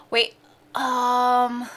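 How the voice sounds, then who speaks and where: Bubbly high-voiced woman streamer. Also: completely flat delivery, very slow, fairly bright tone. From central United States. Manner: bubbly and giggly, with sudden squeals. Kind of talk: casual live stream chat.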